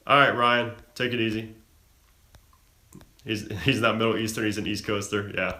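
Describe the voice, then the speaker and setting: A man's voice: lowish voice, steady tone, moderate pace, sharp tone, reverberant. A young man hosting a live stream, reading out viewer questions from chat and answering them casually. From Florida-born, raised in Chicago.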